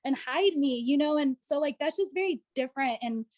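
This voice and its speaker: High-pitched, expressive, and a little mellow, this woman's voice moves fairly quickly. An American interview guest on a video call, she relates a personal story in a chatty style stuffed with "like" and "you know."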